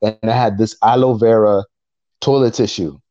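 A man co-hosting a podcast in casual chat, retelling events in an animated way and acting out what people said. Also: fairly low pitch, moderate pace. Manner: animated storytelling, acting out quotes. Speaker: podcast co-host. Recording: dull lo-fi recording.

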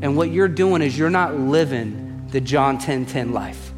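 A man's voice: medium pitch, unhurried, in a large hall, music in the background. A male pastor preaching a sermon, emphatic, repeating refrains and putting direct questions to the congregation. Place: church auditorium.

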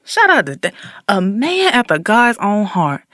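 A man casually retelling a story on a talk show, slangy and animated, acting out the quotes. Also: sits high, unhurried, no echo, studio quality. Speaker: podcast co-host.

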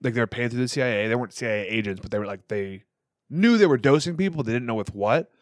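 A young man rambles through a long story on a casual podcast, swearing freely and circling back on himself. His voice sits at a middle pitch and sounds dry and close to the mic. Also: fast, no room sound. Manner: animated storyteller, profane and rambling. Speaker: podcast co-host. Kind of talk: casual conversation.

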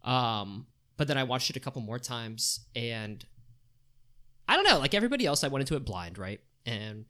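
Male podcast co-host: bright and lively, an animated, profane storyteller. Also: mid-range voice, moderate pace. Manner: animated storyteller, swearing, laughing while talking. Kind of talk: casual podcast chat.

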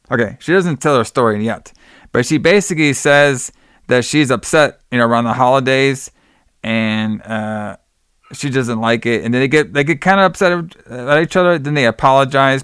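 A man's voice: medium pitch, fairly bright tone, clear, resonant tone, no echo, studio quality. A man co-hosting a podcast, recapping a film scene by scene and acting out the characters' lines. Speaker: podcast co-host.

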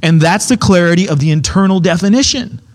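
Male preacher, slightly high voice, casual, insistent Bible teaching. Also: brisk. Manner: emphatic, keeps checking in with "okay?"; repeats key points, restarts phrases.

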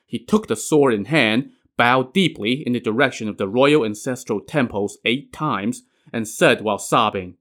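A male storyteller retelling a classic legend in a casual, conversational way. He drops in wry modern asides, in an everyday mid-pitched voice. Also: lively intonation, normal speed, hardly any pauses, a bit bright.

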